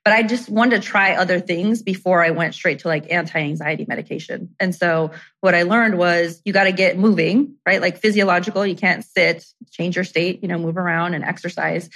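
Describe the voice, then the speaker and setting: A woman's voice: on the low side, fairly bright tone. A middle-aged woman guest telling personal stories in casual conversation, chatty and full of "like" and "you know".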